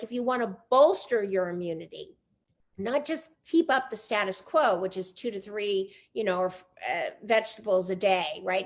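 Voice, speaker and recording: An older woman hosting a conversational interview, playful and animated, drawing out key words slowly. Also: a little high. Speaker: host.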